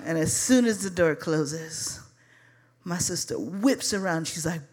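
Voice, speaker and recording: A woman from Chicago telling a personal story live, animated and profane, calling her listeners y'all. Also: fairly low pitch, measured pace, slightly rough.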